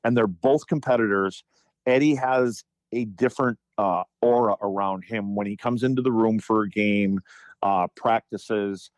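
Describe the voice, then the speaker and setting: A man's voice: lowish voice, unhurried, dry recording. Man telling hockey stories, dry close mic. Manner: animated anecdotes, frequent restarts and profanity in quotes. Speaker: guest, former hockey player. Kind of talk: casual storytelling chat.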